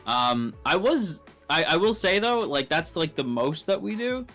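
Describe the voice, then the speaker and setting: A man, chatting as a guest on a stream, giggly and animated, laughing often. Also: a little high, a little slow, faint music behind. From Canada. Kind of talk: casual chat.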